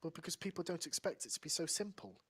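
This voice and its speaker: A man's voice: on the high side, big pitch swings, quick pace, breathy edge, dry recording. A man hosting a casual podcast, teasing his guest and telling corny jokes. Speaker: podcast host.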